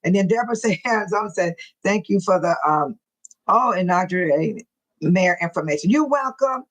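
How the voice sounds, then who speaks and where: A woman with a husky, slightly breathy voice chats loosely on a live stream. She laughs often, teases her viewers and greets them by name. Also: fairly low pitch, moderate pace, poor audio. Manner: laughs often, teasing and excitable. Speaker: livestream host reading viewer comments. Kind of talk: casual live-stream chat.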